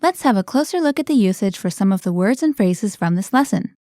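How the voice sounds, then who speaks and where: Hosting a scripted language lesson a little fast, this woman has a warm, mellow, medium-pitched voice with lively intonation. She explains clearly and prompts with guiding questions, sounding dry and near the mic with no room sound.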